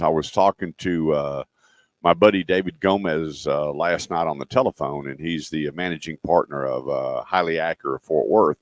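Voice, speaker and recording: A middle-aged man with a steady bass voice hosts a live car radio show from a remote broadcast at a dealership, spinning folksy stories packed with fillers between dealership promos. He talks at normal speed, and there's no echo.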